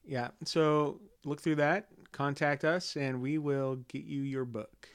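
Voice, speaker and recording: A man's voice: on the high side, flat delivery, slow pace, clear, resonant tone, no echo, clean studio sound. A man co-hosting a podcast in casual chat, teasing and easygoing. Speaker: podcast co-host.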